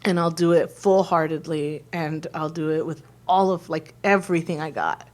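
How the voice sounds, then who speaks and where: A woman's voice: deep voice, normal speed, darkish tone. A woman in her thirties co-hosting a podcast, talking in a rambling, emotional way with many fillers while holding back tears. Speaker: podcast co-host. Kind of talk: casual heartfelt conversation.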